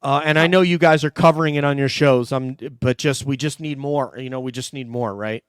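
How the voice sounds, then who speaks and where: Man hosting a livestream, smooth clear voice, dry close sound, chatty and jokey. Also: mid-range voice, steady tone, brisk, dry recording. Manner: chatty, jokey, thanks viewers warmly. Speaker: host reading super chats. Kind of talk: casual livestream chat.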